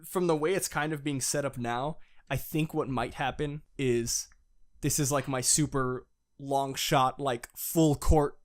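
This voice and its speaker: A young man co-hosting a casual fan podcast, excitable, laughing often and swearing as he recaps. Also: mid-range voice, unhurried. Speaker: podcast co-host.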